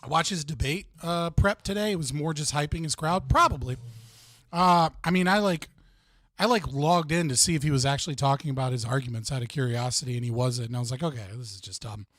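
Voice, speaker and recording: A man's voice: a little high, a little fast, a bit bright, dry recording, clean studio sound. An American man hosting a casual livestream, joking and rambling with frequent laughs. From United States. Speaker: streamer and debate host.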